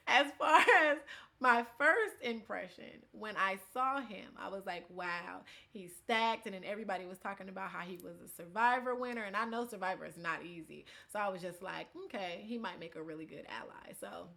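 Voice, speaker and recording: A woman telling stories to camera in a casual, animated way, laughing often. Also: mid-range voice, moderate pace, vocal fry. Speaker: vlogger.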